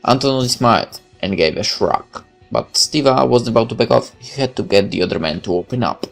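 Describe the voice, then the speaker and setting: A man's voice: medium pitch, animated, brisk, creaky, faint music behind. A man reading a visual novel aloud as narrator, with occasional casual asides.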